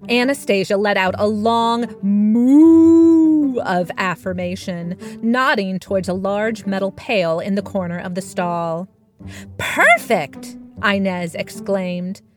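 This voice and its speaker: A woman narrating a children's story she wrote, slow and expressive, recorded close and dry. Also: medium pitch. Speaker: storyteller and author.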